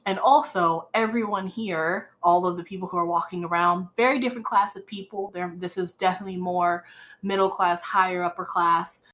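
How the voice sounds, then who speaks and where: A woman running a tabletop role-playing game as game master, narrating slowly with many fillers and restarts. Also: on the low side, fairly even intonation, a bit bright, low-quality recording.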